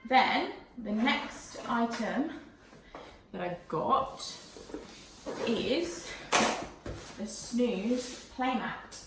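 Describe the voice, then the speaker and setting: A woman's voice: a little high, extremely slow, vocal fry, pauses often, far from the mic, background noise. Breathless, gushing pregnant vlogger, young adult woman; camera a few feet back in an echoey living room. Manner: excited, gushing, casual. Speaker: parenting vlogger. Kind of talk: unboxing vlog. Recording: echoey room, camera mic away from her.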